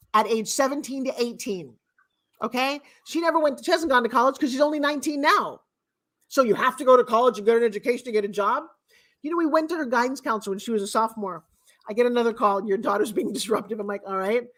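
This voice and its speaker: Middle-aged woman, slightly high voice, a blunt and forceful speaker mentoring a crowd. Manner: blunt and emphatic, with sharp swings in loudness. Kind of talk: casual motivational talk.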